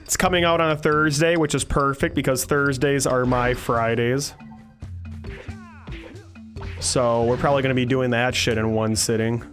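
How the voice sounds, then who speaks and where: A man's voice: mid-range voice, steady tone, moderate pace, long pauses, fairly bright tone. Guy streaming a game, joking and swearing casually, faint game music underneath. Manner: loose, profane, joking. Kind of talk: casual gameplay commentary.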